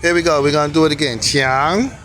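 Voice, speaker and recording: A man's voice: on the high side, fairly even intonation, brisk, fairly bright tone, a little hiss or hum. A man teaching on camera in a casual, easygoing, informal way. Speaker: calligraphy teacher.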